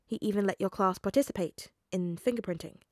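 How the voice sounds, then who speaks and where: A woman reading a fan story aloud, voicing a calm, controlled male FBI agent who speaks gently and evenly. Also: mid-range voice, no room sound, studio quality, lightly acted. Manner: gentle and measured.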